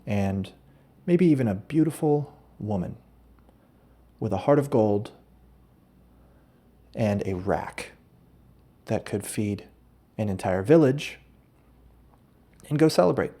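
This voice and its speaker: A man hosts a podcast with a warm, lowish, animated voice, speaking slowly and pausing often. He spins a rambling, absurd comic story, frequently stopping to correct himself.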